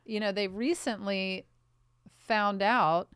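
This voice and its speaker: A woman co-host who speaks slowly and deliberately in a smooth, clear voice. Her teasing comes out dry and deadpan. The recording is close and dry. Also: medium pitch, no echo. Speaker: podcast co-host. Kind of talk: casual chat.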